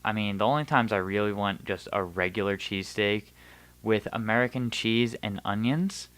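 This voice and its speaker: Guy on a podcast, smooth clear voice, dry close sound, blunt and sweary. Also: lowish voice, normal speed, a bit bright, no room sound. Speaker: guest. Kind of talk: casual chat.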